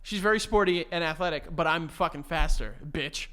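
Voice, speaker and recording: A man's voice: fairly high pitch, fairly quick, sharp tone. A man in his thirties co-hosting a podcast, bantering in a teasing, profane way. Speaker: podcast co-host. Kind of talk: casual chat.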